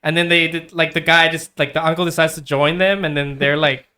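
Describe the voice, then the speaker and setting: A man's voice: on the high side, flat delivery, a little fast, bright, forceful tone, smooth. A man co-hosting a podcast, casually rambling through a bemused recap of a film's plot. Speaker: podcast co-host. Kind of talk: casual chat.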